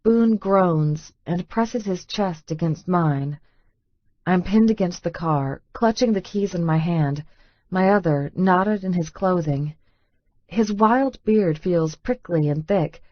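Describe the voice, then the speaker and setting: Intimate low-voiced woman narrating romance. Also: slow pace, no echo, muffled recording. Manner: intimate, breathless inner monologue. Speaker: audiobook narrator. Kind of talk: first-person romance audiobook narration.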